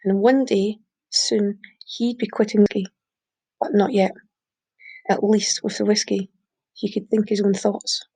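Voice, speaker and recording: A woman reading a short story aloud, steady, with small slips she corrects. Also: mid-range voice, measured pace, long pauses, husky. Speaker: reader. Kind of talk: audiobook reading.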